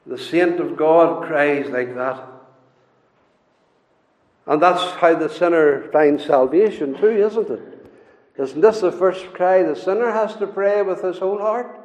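A man preaching a sermon, earnest and repetitive, rising into pleading and dropping low for hymn lines. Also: a little slow. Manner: earnest, repeats phrases, swings from loud pleading to low near-sung hymn lines. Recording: echoey hall reverb.

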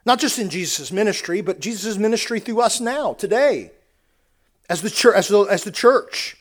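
A man's voice: high voice, animated, moderate pace. A man preaching a sermon, earnest, often repeating words and restarting phrases as he builds a point.

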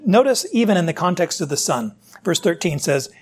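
A man's voice: sits high, very animated, brisk, a little mellow, breathy edge. A man preaching a sermon, asking rhetorical questions and voicing God's challenges to his listeners. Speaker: pastor.

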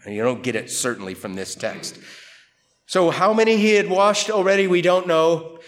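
Male preacher, slightly higher register, conversational expository style, emphatic, rhetorical questions. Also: normal speed. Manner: lively, emphatic delivery. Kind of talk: expository Bible teaching.

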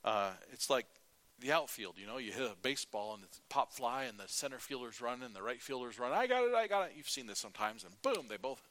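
A middle-aged male preacher giving a sermon, telling folksy stories, acting out quotes and often clearing his throat. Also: mid-range voice, lively intonation, fast, hardly any pauses, pushed and bright, no room sound.

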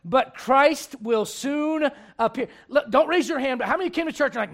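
A middle-aged male pastor delivers a dynamic sermon, swinging between loud and hushed and acting out voices in little scenes. His voice is very high-pitched and creaky, with a quick pace and few pauses.

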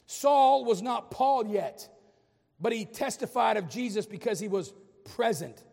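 A man's voice: high voice, expressive, unhurried, creaky, a little mellow, in a large hall. A man preaching a sermon as a pastor, impassioned, with humorous asides.

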